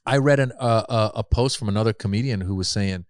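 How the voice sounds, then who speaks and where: A middle-aged comedian guesting on a podcast tells stories in casual chat, animatedly acting out the voices of the people he quotes. He talks fast in a lowish voice. The sound is studio quality with no echo.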